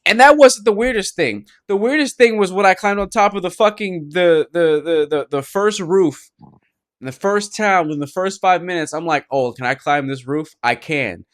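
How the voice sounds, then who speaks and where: A man's voice: high-pitched, moderate pace. A man co-hosting a casual gaming podcast, telling rambling stories full of swearing and restarts. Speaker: podcast co-host.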